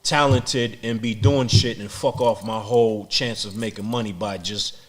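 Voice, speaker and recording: A man's voice: on the low side, steady tone, normal speed. A middle-aged man telling a street story bluntly and profanely as a podcast guest, often repeating words as he speaks.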